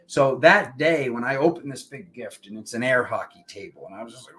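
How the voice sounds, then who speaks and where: A man hosting a spiritual livestream, telling a personal story in a rambling, animated way and acting out the voices of the people in it. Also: medium pitch, brisk. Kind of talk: casual storytelling monologue. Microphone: livestream setup.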